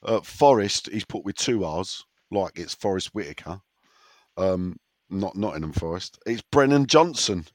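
Guy with a sore throat running the listener questions, lowish voice, bit rambly, dry close sound. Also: animated, unhurried, no room sound. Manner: rambling, teasing, stumbles over words. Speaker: podcast co-host leading a listener question segment. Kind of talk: casual chat.

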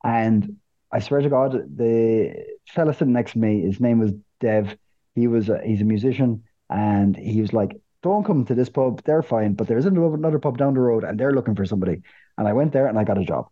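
An Irish man co-hosting a podcast, telling stories in casual chat, animated and cursing freely. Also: mid-range voice, a little fast, highs cut off. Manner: animated, swears freely, repeats words while storytelling. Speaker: podcast co-host.

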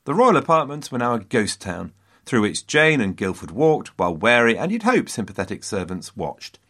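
A man's voice: medium pitch, big pitch swings, normal speed, fairly bright tone. A man hosting a history podcast, telling the story dramatically with wry asides to his listeners.

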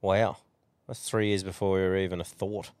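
A man's voice: low voice, flat delivery, normal speed, darkish tone, clean tone, no room sound. A young Australian man co-hosting a podcast in easygoing casual chat. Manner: easygoing, laughs along. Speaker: podcast co-host.

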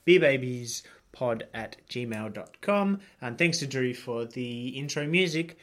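A man's voice: mid-range voice, expressive, takes it slowly. Guy co-hosting a chill beer podcast, lots of likes and ums, rambles on. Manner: rambling, filler-heavy. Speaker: podcast co-host. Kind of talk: casual chat.

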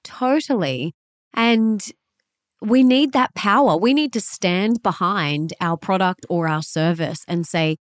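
A woman's voice: medium pitch, slow, dry recording, clean studio sound. A woman hosting a podcast interview, speaking with enthusiastic, emphatic energy. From Australia. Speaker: podcast host.

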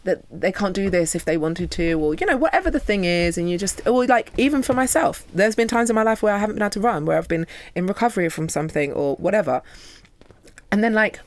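A woman's voice: medium pitch, lively intonation, quick pace. A woman from London, a yoga teacher guesting on a podcast, talking casually and playfully acting out her inner voice.

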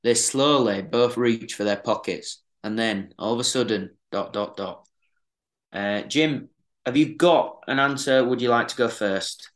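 A man co-hosting a casual podcast, telling a rambling story with drawn-out pauses. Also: medium pitch, fairly bright tone, poor audio. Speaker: podcast co-host.

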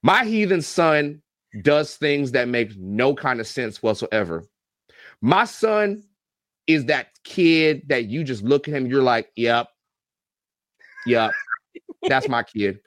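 A man in his thirties or forties, a football coach and YouTube reactor, telling animated, profane, joking stories as a guest on a podcast interview. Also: medium pitch, takes it slowly, no echo, clean studio sound. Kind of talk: casual podcast interview storytelling.

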